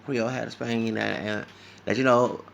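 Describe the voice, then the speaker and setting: A tired man from Louisiana with a Louisiana accent, talking fast and rambling in an opinionated livestream monologue. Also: mid-range voice, little pitch movement, vocal fry. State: tired, sleepy. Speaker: vlogger.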